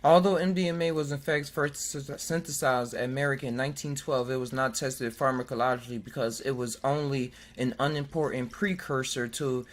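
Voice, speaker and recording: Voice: mid-range voice, steady tone, moderate pace, few pauses. A podcast host in casual chat who jokes, laughs often, reads articles aloud and stumbles over words.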